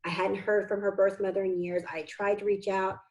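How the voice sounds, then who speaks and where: A woman's voice: mid-range voice, level tone, brisk, a little mellow, rough recording. A woman in an interview, an adoptive mother and foundation founder, telling her family's story in a heartfelt, earnest way that comes close to tears.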